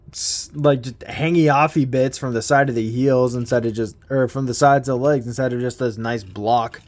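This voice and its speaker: Man, toy review, casual, rambling, self-deprecating, unhurried, swears offhand. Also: mid-range voice.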